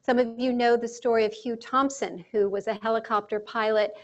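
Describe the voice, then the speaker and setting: A woman leading a guided mindfulness talk, speaking calmly and slowly with deliberate pauses. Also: fairly high pitch. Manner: calm, slow and measured, with deliberate pauses. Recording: dull lo-fi sound with faint music.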